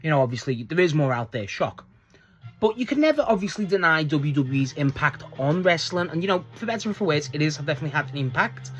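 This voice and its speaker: Excitable, swearing wrestling fan host. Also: medium pitch, fast talker. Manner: excitable, swears freely, restarts sentences often. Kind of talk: casual rambling fan monologue.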